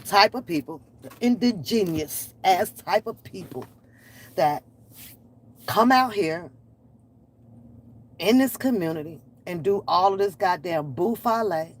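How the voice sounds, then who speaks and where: A woman's voice: mid-range voice, poor audio. A woman hosting a reaction channel, ranting in blunt, profane, exasperated commentary. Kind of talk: unscripted commentary rant. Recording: faint background noise.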